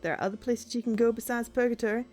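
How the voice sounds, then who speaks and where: A woman voicing a calm, caring angel guide in a put-on American accent, gentle and earnest, over faint game music. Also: a little high, quick pace, lightly acted. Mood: wry.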